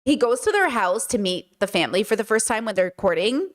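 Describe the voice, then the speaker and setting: A young woman hosting a live stream, chatting casually and telling family stories with lively acted-out quotes. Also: medium pitch, fairly quick. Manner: animated storyteller, acts out family members' lines. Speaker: streamer host.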